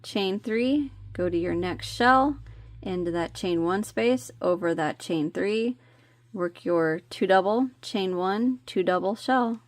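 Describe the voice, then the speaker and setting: A woman's voice: mid-range voice, slow pace, no room sound. A woman teaching crochet step by step. She talks in a chatty, homey way and counts stitches under her breath. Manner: counts stitches softly, chatty asides, slips on words. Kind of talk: step-by-step craft tutorial.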